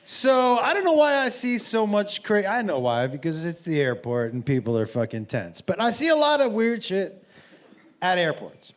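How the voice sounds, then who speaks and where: A middle-aged man doing stand-up storytelling, profane and animated, who often laughs at his own jokes. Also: sits high, normal speed. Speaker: stand-up comedian. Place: comedy stage before an audience. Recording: live show with loud crowd noise.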